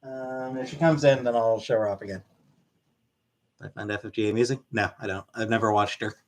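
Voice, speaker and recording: A man's voice: on the low side, fairly even intonation, brisk. A man casually answering questions from his live-stream chat in a blunt, offhand way.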